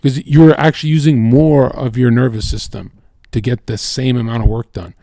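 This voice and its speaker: A man's voice: medium pitch, steady tone, normal speed, mellow, no echo, studio quality. A man streaming live, talking in a casual, profane, rambling way and often saying "bro" and "like". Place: home streaming setup.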